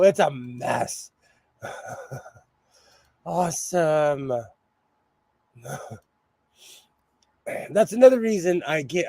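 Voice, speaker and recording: A middle-aged man from Pennsylvania hosting a casual sewing livestream, chatting to viewers and laughing often, slightly hoarse and under the weather. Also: on the high side, dark tone, no echo. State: slightly hoarse, feeling unwell. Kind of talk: casual live-chat while sewing.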